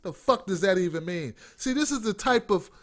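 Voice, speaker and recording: Guy hosting a live online rant show, cussing and sarcastic, highish voice that swings all over. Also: normal speed. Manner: profane, sarcastic, animated ranting. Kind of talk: livestream commentary rant.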